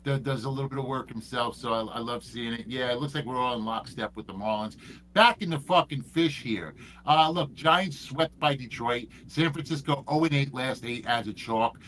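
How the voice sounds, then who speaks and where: Profane hyped-up sports betting host. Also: male voice, mid-range voice, moderate pace, fairly bright tone, a little hiss or hum, low-quality recording. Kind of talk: casual sports betting chat.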